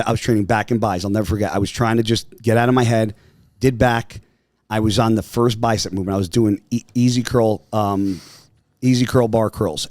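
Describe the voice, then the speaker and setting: Casting note: man, animated profane storyteller, conversational, dry close-miked podcast sound. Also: fairly low pitch, dry recording. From New Jersey, US. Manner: animated, profane, acts out voices in quotes. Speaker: podcast guest. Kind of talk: casual storytelling. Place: podcast studio.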